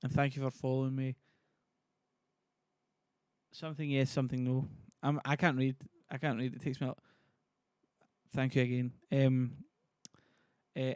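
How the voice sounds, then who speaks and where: A man's voice: medium pitch, flat delivery, moderate pace, long pauses, darkish tone, clear, resonant tone, dry recording, clean studio sound. A man streaming casually, chatty and self-deprecating as he reads a play to viewers. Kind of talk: casual livestream reading.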